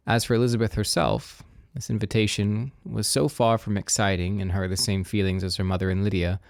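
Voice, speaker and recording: A man gently narrating a classic novel in a soft, soothing read-aloud style. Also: low voice, no echo, clean studio sound. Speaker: audiobook reader.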